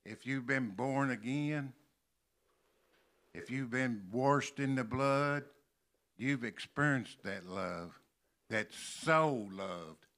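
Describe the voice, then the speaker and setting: An older man from Kentucky preaching a sermon in a church, slowly stressing and repeating key words. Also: mid-range voice, a bit bright. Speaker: pastor. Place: church sanctuary.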